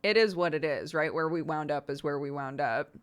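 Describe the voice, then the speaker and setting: A woman's voice: low-pitched, brisk, clear, resonant tone. An American woman streamer chatting casually while gaming, laughing often.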